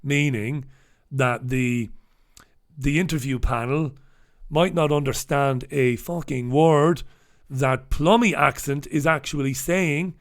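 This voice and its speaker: A male host with a fairly high voice goes through the day's newspapers slowly, offering casual, sardonic commentary and swearing freely. He reads headlines and viewer comments out on air.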